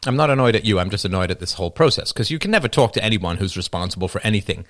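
Wry rambling man, fairly low voice. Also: animated, racing, a bit bright, no room sound, clean studio sound. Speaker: livestream host taking questions. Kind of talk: casual livestream monologue.

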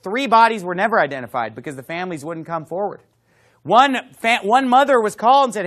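A man's voice: high-pitched, lively intonation, brisk, fairly bright tone. A man preaching a sermon, emphatic, with conversational asides to the congregation. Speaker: pastor.

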